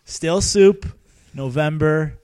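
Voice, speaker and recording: A man's voice: fairly high pitch, slow pace, a little mellow, no echo. A young man from Canada, co-hosting a podcast in casual chat, rambling and joking and correcting himself as he goes. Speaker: podcast co-host.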